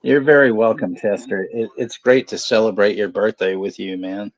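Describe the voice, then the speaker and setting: A man's voice: lowish voice, fairly even intonation, moderate pace, no room sound. A man co-hosting a casual movie watch-along, rambling and crude, laughing often. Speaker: podcast co-host.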